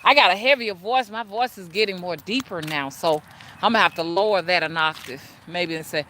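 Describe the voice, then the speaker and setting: A woman hosting a spiritual livestream from home on her phone, keeping her voice low and greeting viewers one by one by name. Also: fairly quick, sharp tone, a little hiss or hum. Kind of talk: casual livestream chat with viewers.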